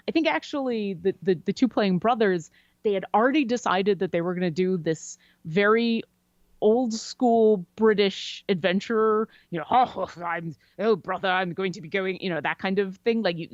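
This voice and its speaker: A woman guest on a podcast, chatty and animated as she tells a story about a game. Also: mid-range voice, dry recording. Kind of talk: casual storytelling interview. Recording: dry, slightly dull lo-fi sound.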